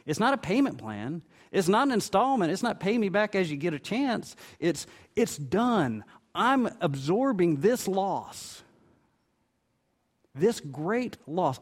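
Man, middle-aged, pastor, sermon, expressive storytelling, somewhat high voice, very animated pitch. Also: slow pace. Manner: expressive storytelling preaching, voicing the parable's characters.

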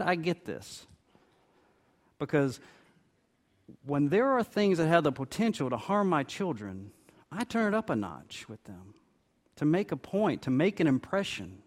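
A middle-aged man preaching a sermon, telling a parable with expression and briefly voicing its characters. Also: high-pitched. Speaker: pastor.

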